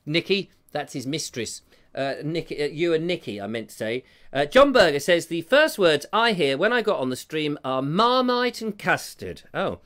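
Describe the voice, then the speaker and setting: Chatty male host reading viewer comments, self-mocking and jokey, voice a touch high for a man. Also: very animated, normal speed, fairly bright tone. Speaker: live stream host. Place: home room with a fire.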